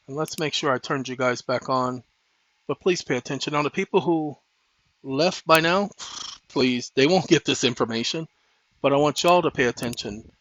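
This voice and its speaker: A man hosting his own channel, lecturing viewers in a preachy, insistent way that turns loud and heated. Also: medium pitch, no room sound, lo-fi sound. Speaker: host. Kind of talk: impassioned legal lecture to viewers.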